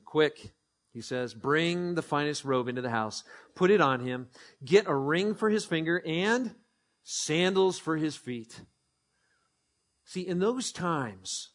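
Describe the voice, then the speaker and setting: A man preaching a sermon as pastor, emphatic, repeating phrases and leading the congregation in call-and-response. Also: fairly high pitch. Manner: emphatic, swings from hushed to ringing, repeats phrases.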